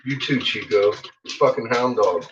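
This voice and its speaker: A man's voice: mid-range voice, a little slow. A man vlogging from home in a loose, casual ramble, swearing freely and chatting to himself and his pets. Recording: dull lo-fi home recording with clear background noise.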